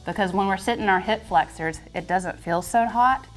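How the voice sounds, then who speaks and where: A woman's voice: medium pitch, brisk, soft background music. A woman leading a yoga class, chatting and joking playfully as she guides the poses. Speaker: yoga instructor.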